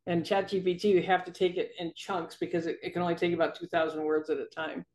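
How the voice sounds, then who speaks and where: A woman's voice: lowish voice, little pitch movement, fast talker, a little mellow. A woman guest, a copywriting coach, talking casually on a video call and laughing between phrases.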